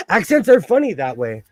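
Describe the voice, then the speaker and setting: A man with a Southern Californian accent chats loosely through a livestream. He rambles and laughs often. His voice sits a bit high, and the sound is dry and close. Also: no echo. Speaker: livestream host. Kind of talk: casual livestream chat.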